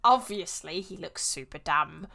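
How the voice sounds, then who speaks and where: A woman's voice: lowish voice, lively intonation, measured pace, gravelly, bright, forceful tone. A woman co-hosting a podcast in casual chat, talking enthusiastically with lots of filler words. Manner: chatty, frequent "like" fillers, enthusiastic. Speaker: podcast co-host.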